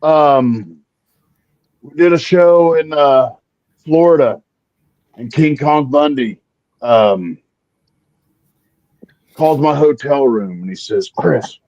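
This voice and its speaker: Brief: male guest storyteller, 40s, animated raconteur doing quick voice impressions, dry close sound. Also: fairly high pitch, no room sound. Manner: lively raconteur, acts out quoted voices. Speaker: guest wrestler. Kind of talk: casual storytelling. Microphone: remote stream call. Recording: slightly muffled lo-fi audio.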